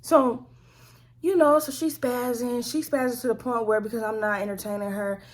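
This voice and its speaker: A woman vlogger telling a family story in a slangy, animated, conversational way. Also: fairly high pitch, normal speed. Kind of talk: storytime vlog.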